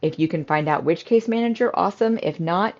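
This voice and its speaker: Middle-aged woman teaching in a calm chatty way, lots of ums, kinda low voice, a bit muffled lo-fi sound. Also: fairly quick. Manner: calm, conversational coaching with frequent fillers. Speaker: home care business owner and trainer. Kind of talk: instructional talk to camera. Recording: slightly dull, lo-fi audio.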